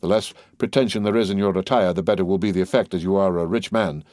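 A man gives voice to a composed, middle-aged count who speaks with cool, courteous authority. The voice sits low, and the recording is close and dry. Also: fast, darkish tone, dry recording, lightly acted. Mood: commanding, courteous.

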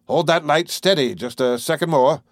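A man playing a gruff, unflappable country doctor who gives brusque, clipped orders. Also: fairly high pitch, moderate pace, no room sound, clean studio sound, pitched above the performer's own voice, lightly acted.

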